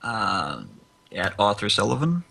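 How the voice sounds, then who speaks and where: A man, a guest author, speaking with halting pauses and fillers in a casual podcast interview. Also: fairly low pitch, sing-song, creaky, sharp tone, breathy edge. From United States.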